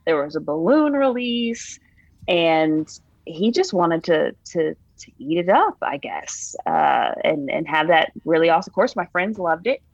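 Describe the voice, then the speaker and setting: A young woman with a lowish voice recounts her own story as an interviewee, bringing it to life as she goes. The sound is dull and lo-fi, and very dry. Faint music sits behind her. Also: a little slow, no echo. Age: young adult. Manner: animated retelling, voices her own past words.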